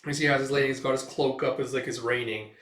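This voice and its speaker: A man's voice: medium pitch, fairly even intonation, fast talker, a bit bright. A man casually narrating a comic read-through in a loose, rambling way. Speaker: manga reader and commentator. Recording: echoey room, distant mic.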